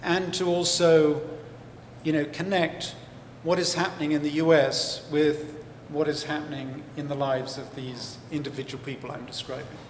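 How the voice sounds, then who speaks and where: A man's voice: fairly high pitch, flat delivery, moderate pace, slight background noise. A male author being interviewed on stage, explaining at length in a thoughtful way with many fillers and restarts. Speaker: author and historian, interview guest. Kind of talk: live festival interview. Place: large hall at a book festival. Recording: echoey hall with faint ambience.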